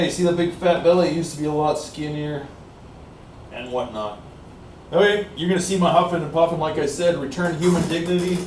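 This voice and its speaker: A man from Canada with a fairly high voice vlogs from a small, warm room, sounding breathless after exercise. His talk rambles, with "like I said" coming up again and again and "uh" filling his pauses. The mic is distant, so the audio is roomy and off-mic with a light hiss.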